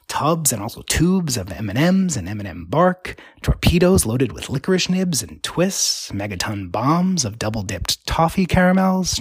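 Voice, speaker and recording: A man reads a literary story aloud with a wry, deadpan rhythm. His voice is husky and slightly breathy, recorded close in a dry, dead space. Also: mid-range voice, no echo. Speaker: narrator.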